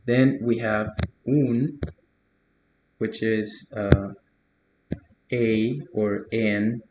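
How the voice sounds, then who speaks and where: Slow, hesitant young man tutoring. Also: lowish voice, roomy sound, lo-fi sound, noisy background. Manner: relaxed, hesitant, many fillers, soft laughs. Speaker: language tutor. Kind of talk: casual correction of a learner's post.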